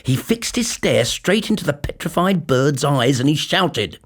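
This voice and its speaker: A man narrating a fairy tale in a playful, expressive storytelling style. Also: on the high side, unhurried. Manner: animated, playful.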